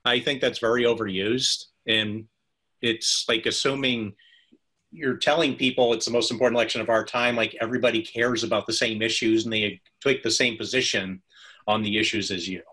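A man's voice: on the low side, steady tone, brisk, pushed and bright, slightly rough. A man in a casual web conference discussion, amused and a bit hesitant with ums.

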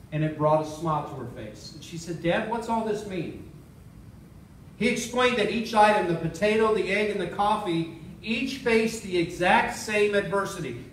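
A man's voice: sits high, reverberant, far from the mic, a little hiss or hum, poor audio. A man preaching a sermon as pastor, telling a story and repeating key phrases for emphasis. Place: church sanctuary.

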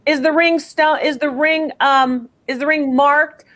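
A woman hosting a live call-in appraisal stream, talking in a brisk, chatty, direct way. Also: high-pitched, fairly even intonation, fairly bright tone. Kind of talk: unscripted live appraisal chat.

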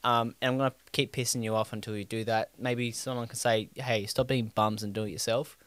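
A man's voice: mid-range voice, flat delivery, a little fast, a bit bright, dry recording. A man, co-hosting a casual podcast chat and rambling with restarts. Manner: rambling, frequent restarts and fillers. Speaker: podcast co-host.

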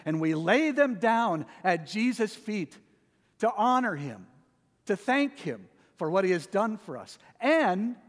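A man preaching a sermon in a church, swinging from a soft hush to loud proclamation. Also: high-pitched, in a large hall. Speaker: pastor. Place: church sanctuary.

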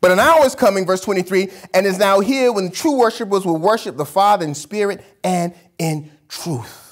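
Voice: mid-range voice, moderate pace. A pastor preaching a sermon in a casual, colloquial way, emphatic, repeating key phrases and answering their own questions.

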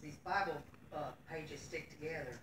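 A woman's voice: low-pitched, moderate pace, background noise. A middle-aged woman, giving a Sunday school lesson in church in an earnest, folksy way, reading scripture aloud. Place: church room. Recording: echoey room from far off.

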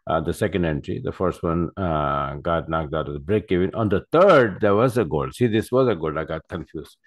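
Low-voiced man rambling through trades. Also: normal speed. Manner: rambling, many fillers and self-corrections. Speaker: forex trader. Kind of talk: casual screen-share trading commentary. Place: at a desk by his computers.

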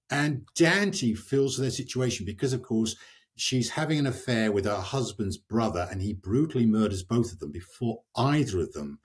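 An older man with a husky, rather low voice talks passionately about literature as an author and guest. He reads verse aloud slowly and dramatically, with a very expressive delivery.

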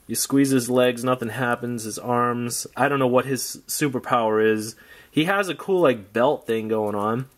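A man's voice: mid-range voice, normal speed. A man giving casual unboxing commentary on old action figures, rambling with wry, jokey asides. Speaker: toy collector vlogger.

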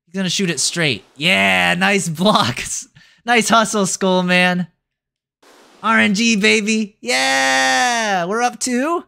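A young man giving excitable live commentary as a streamer, yelping and groaning at the game. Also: high voice, slow, creaky, clean tone. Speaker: VTuber streamer.

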